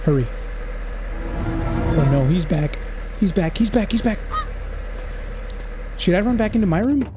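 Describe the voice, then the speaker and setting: A man playing a horror game and reacting out loud, swearing often and dropping in Spanish slang as he thinks out loud. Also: high-pitched, expressive, unhurried, long pauses, noisy background. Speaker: gaming YouTuber.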